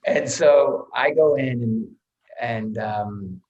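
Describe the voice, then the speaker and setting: Man, actor guest, mid-pitched, chatty storyteller who swears casually and restarts his words, slightly muffled lo-fi audio. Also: slow, crowd noise. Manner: lively storyteller, swears freely, repeats words while restarting. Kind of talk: animated anecdote telling.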